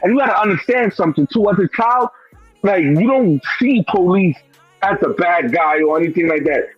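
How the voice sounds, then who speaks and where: A man's voice: high voice, moderate pace, slightly rough, dry recording, lo-fi sound, faint music behind. A man telling a personal story in a casual, profane, streetwise way, full of "bro" and "you know what I'm saying.". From Brooklyn, New York. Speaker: guest.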